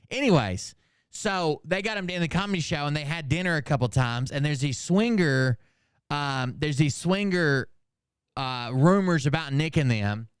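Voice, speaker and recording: A man's voice: mid-range voice, smooth, dry recording, studio quality. Rambling, profane male commentator. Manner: rambling and forgetful, loses names, profane asides. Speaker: commentary channel host.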